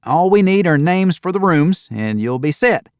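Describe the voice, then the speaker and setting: A woman's voice: on the low side, lively intonation, moderate pace, a little mellow, dry recording, studio quality, voice pushed up, close to an everyday voice. A man voicing a breezy, blunt young female desk clerk in a thriller audiobook, with a chirpy, raised voice.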